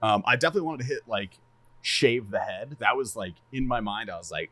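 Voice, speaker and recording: A man casually chatting on a podcast, animated and laughing a lot, swearing freely and stumbling over repeated words. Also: fairly low pitch, a little fast, dry recording. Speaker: streamer and podcast co-host.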